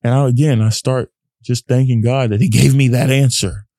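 A man's voice: medium pitch, steady tone, moderate pace, dark tone, no room sound. A man hosting a casual solo podcast, talking earnestly and preachily while lying down and tired. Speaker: podcast host. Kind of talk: casual solo motivational talk. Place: home, lying on carpet.

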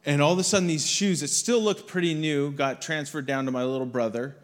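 A man's voice: a little high, steady tone, fairly quick. A young adult man as a guest speaker, giving a conversational sermon built on a personal story and acting out quotes in a church hall.

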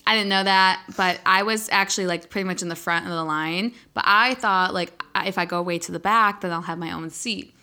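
Young woman, bright voice, casual chat, slangy, swears freely. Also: lowish voice, fairly quick, hardly any pauses. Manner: slangy, swears a lot, animated retelling with laughs.

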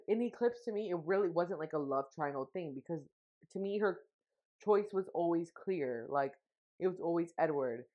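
A young woman co-hosting a podcast, chatting casually and rambling with lots of fillers, getting emotional. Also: on the low side. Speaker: podcast co-host. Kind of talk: casual chat. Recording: dull lo-fi sound.

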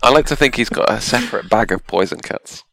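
Gravelly joking game player. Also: male voice, medium pitch, expressive, a little fast, pushed and bright, no echo. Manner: joking, rambling, trailing off. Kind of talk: casual play at a tabletop game.

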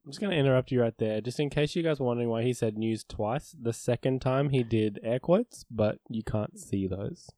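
A young man co-hosting a casual podcast, explaining things with wry, deadpan corrections. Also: medium pitch, a little fast, hardly any pauses, dry recording. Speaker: podcast co-host.

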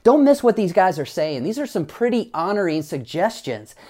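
A man's voice: high voice, sing-song, moderate pace, darkish tone. A male pastor preaching a sermon in a conversational, emphatic way, with casual asides.

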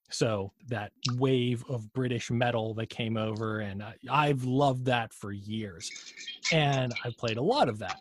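A man's voice: medium pitch, dry recording. A man co-hosting a podcast in casual chat, rambling through tangents and swearing freely. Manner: rambling, profane, admits his own tangents. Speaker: podcast co-host.

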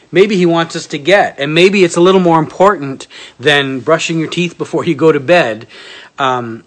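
A man's voice: fairly high pitch, fairly bright tone. A man giving a casual sermon, conversational and self-deprecating, reading part of it aloud from a book. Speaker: pastor.

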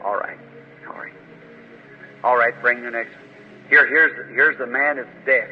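His mid-range, husky voice stays fairly even in intonation and moves a little slowly as he preaches at a faith healing service. He prays with fervor and commands forcefully in rebuke, on a muffled old recording from an echoing hall.

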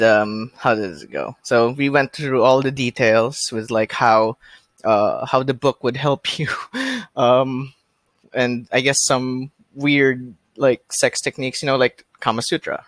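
A man hosting a podcast in casual chat, talking in a halting way with many fillers and restarts. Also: mid-range voice, fairly even intonation, no echo. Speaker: podcast host.

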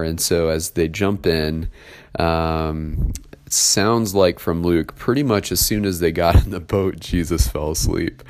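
A man preaching a sermon, reading a Bible passage and then explaining it in a relaxed, conversational way with frequent filler words. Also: deep voice, a little slow. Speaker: pastor.

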